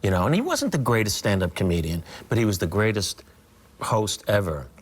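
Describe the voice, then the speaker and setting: A man in his sixties, a comedian and guest, telling stories in an interview, animated and slipping into impressions. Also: fairly low pitch, fairly quick, slightly rough. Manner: animated, breaks into impressions and laughter. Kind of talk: storytelling in a talk show interview.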